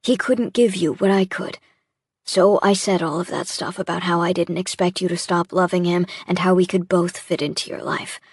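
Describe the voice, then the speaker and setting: A woman voicing a jealous young man at the end of his rope, his words halting and pained, his voice breaking as he speaks. The voice is husky and breathy. It sits dry and close, with no room around it. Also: lowish voice, steady tone, no room sound. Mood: anguished. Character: distraught young adult man, jealous boyfriend. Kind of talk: audiobook dialogue reading.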